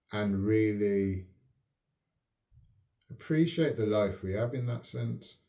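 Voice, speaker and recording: Calm man with a dark, roomy sound. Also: lowish voice. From United Kingdom. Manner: calm, measured, checks if listener follows. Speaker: channel host. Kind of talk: reflective casual talk to camera. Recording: roomy echo.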